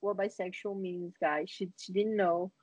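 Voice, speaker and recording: A woman's voice: medium pitch, steady tone, measured pace, darkish tone, dry recording, low-quality recording. Teasing young woman, dry close sound. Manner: teasing, playfully probing questions. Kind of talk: casual chat.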